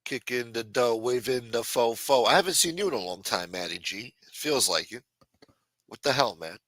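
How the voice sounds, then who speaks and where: A man's voice: mid-range voice, normal speed, no echo. Profane, chatty male livestream host. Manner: profane, chatty, animated retelling with voiced quotes. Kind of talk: casual livestream chat reading the chat.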